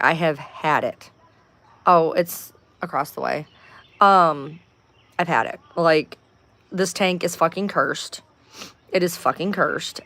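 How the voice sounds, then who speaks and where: A woman with a fairly low voice chats casually to her viewers on a home livestream. She rambles, curses freely and sounds fed up. She seems to be talking into a webcam or phone. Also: a bit bright. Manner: rambling, profane, exasperated. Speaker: livestream host.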